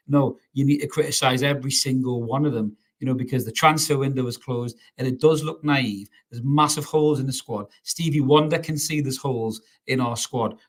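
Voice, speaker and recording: Angry fan-channel host, blunt, sweary live reaction voice. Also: male voice, mid-range voice. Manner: angry, blunt, swearing, reads out viewer comments. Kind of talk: live match reaction rant.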